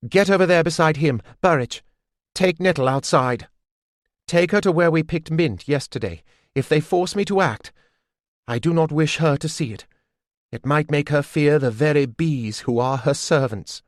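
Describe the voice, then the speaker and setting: A man voicing a fierce beekeeping mother, low and menacing. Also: normal speed, no echo, clean studio sound, natural voice. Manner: low, menacing, coaxing threats.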